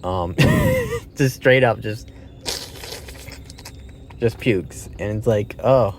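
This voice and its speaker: A man's voice: mid-range voice, huge pitch swings, very slow, slight background noise. A man giving a casual, rambling spoken film review, swearing often and restarting his sentences with fillers.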